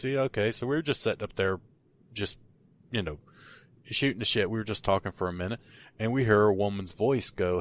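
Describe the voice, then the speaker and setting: A man's voice: on the low side, fairly quick. A man, a paranormal investigator, telling a story in casual podcast talk, rambling with many restarts and fillers.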